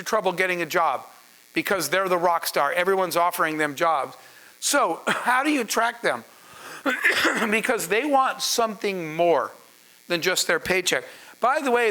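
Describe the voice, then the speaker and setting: Man, startup founder, animated storyteller, acts out dialogue, sharp bright tone. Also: sits high, low-quality recording. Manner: animated, laughing, acting out dialogue. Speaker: startup founder and panel speaker. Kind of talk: storytelling talk to an audience.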